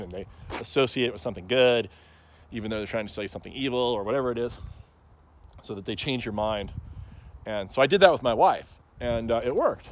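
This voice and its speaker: A man talking casually to camera as a plant grower, rambling and joking with lots of fillers and frequent chuckles. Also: lowish voice. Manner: chuckles often.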